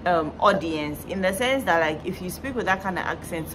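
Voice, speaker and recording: A woman's voice: fairly low pitch, expressive, fairly quick, background noise. A young woman, a guest chatting casually on a vlog with teasing asides. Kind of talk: casual chat.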